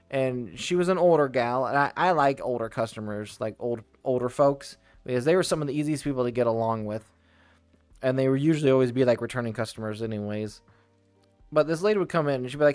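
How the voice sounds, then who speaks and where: A man telling casual stories from his old job, rambling with frequent restarts and tangents and laughing quickly now and then. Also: mid-range voice, lively intonation, no echo. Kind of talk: casual storytelling.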